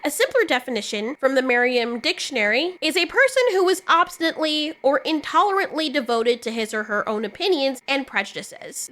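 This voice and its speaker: Bright, high-voiced woman ranting bluntly. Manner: blunt, sarcastic, swears freely. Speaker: YouTube commentator. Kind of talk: casual opinion rant to camera.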